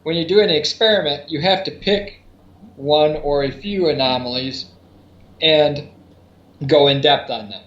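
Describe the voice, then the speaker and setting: A man with a slightly high voice talks through his explanations, circling back with fillers and restarts. His audio sounds echoey, as if recorded in a bare room. The sound is dull and lo-fi. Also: measured pace, a bit bright. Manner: rambling, many restarts and fillers. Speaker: podcast co-host. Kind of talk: casual explanatory podcast talk.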